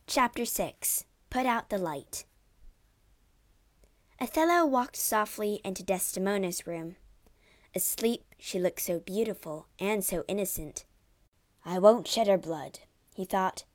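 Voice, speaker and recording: A woman reads a storybook retelling aloud in a measured, even way. Her pace is slow and unhurried, and her pitch sits in a middle range. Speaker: narrator. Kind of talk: storybook reading.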